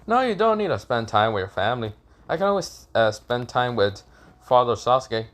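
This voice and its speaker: A man voicing a cheeky, disrespectful teenage boy ninja in a flat, dismissive tone. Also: mid-range voice, normal speed.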